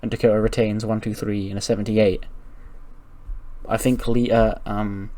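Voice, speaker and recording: A man's voice: on the low side, flat delivery, moderate pace, dark tone. Casually swearing man narrating a game. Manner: swears freely, laughs, rambling. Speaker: gaming channel host. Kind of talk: casual let's-play narration.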